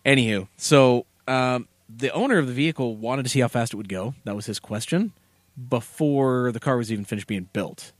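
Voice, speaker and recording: A man's voice: mid-range voice, a little fast, no room sound. A man co-hosting a podcast in a basement, chatting casually and rambling with many fillers and jokes. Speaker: podcast co-host. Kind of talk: casual chat.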